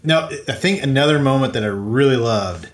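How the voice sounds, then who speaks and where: A man's voice: mid-range voice, animated, brisk, roomy sound. A man in a casual chat who talks hesitantly and often restarts his sentences.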